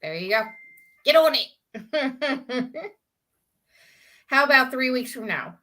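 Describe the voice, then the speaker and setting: A woman's voice: sits high, lively intonation, slow pace, sharp tone. A woman with a Southern US accent, co-hosting a casual live video chat, teasing and laughing often. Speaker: co-host.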